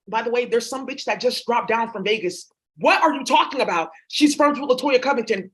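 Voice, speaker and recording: A woman's voice: a little high, expressive, quick pace, fairly bright tone. A woman vlogger talking in a rambling, blunt, profane monologue. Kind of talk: casual monologue.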